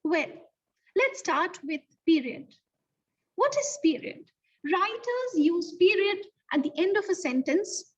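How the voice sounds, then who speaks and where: A woman teaching an online lesson to young children, in an animated, sing-song teacher voice that slows to stress key words. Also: very high-pitched. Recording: distant, dull lo-fi sound.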